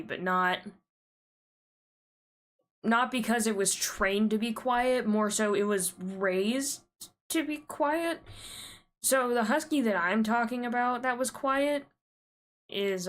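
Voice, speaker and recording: A woman's voice: mid-range voice, slow pace, pauses often, a bit bright. A woman with a thick American Southern accent, chatting casually with rambling asides while streaming a game.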